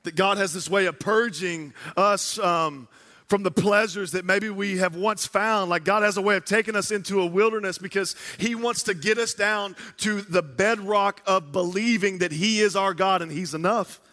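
A male preacher telling stories in a sermon with animated, casual slang. His voice is a little high and bright, with a forceful edge. It carries a long reverb from a large church hall. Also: moderate pace.

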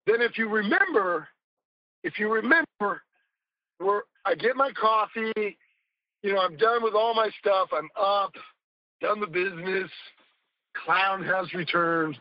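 A man's voice: high-pitched, measured pace, long pauses, lo-fi sound. A man speaking as a podcast guest, telling rambling, emphatic stories in casual conversation and swearing now and then.

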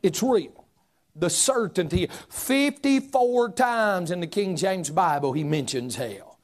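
A middle-aged man preaching a fiery sermon, shouting some points and dropping to a hush on others. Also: high voice, expressive, unhurried. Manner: preaching with shouted emphasis and sudden drops to a hush. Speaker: pastor.

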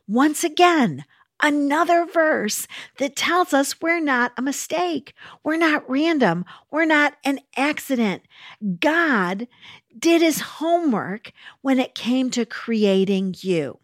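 A woman's voice: high-pitched, very animated, slow pace, no echo, studio quality. A woman preaching a sermon in an earnest, encouraging way, stressing her points with repetition.

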